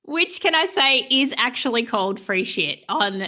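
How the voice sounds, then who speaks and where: A woman's voice: on the high side, lively intonation, normal speed, pushed and bright. A woman hosting an interview podcast and coaching her listeners, speaking in an effusive, encouraging way.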